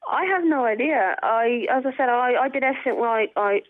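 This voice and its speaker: A woman with a fairly high-pitched, brisk voice calls in to a radio show, upset and hesitant, repeating her words as she tells her story. The phone line sounds tinny, though the recording itself is dry.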